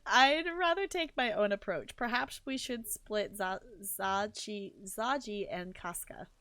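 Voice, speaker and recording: A woman's voice: mid-range voice, unhurried, a bit bright, no echo. A woman game streamer chatting casually as she plays, thinking aloud and laughing often. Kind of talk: casual chat while playing a game.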